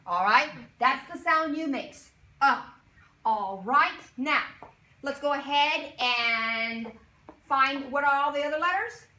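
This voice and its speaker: A woman teaching young children a phonics lesson in a classroom, modeling sounds slowly and prompting call-and-response with encouraging praise. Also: high-pitched, sharp tone. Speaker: elementary school teacher. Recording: echoey room from far off.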